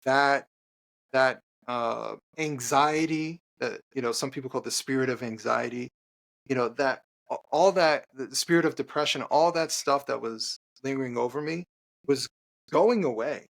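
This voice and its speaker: A man, an author appearing on a podcast, speaks at medium pitch with a creaky voice. He tells an earnest personal story in conversation, pausing, restarting, and leaning on fillers.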